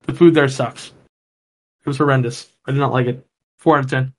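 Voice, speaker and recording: A man's voice: medium pitch, steady tone, moderate pace. A man co-hosting a podcast, telling loose, rambling stories in casual chat and swearing freely.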